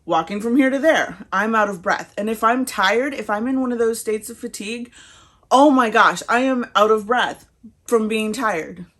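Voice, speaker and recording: A woman's voice: on the high side, normal speed, fairly bright tone. Breathless chatty woman vlogger. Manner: chatty and laughing. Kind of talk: casual talk to camera.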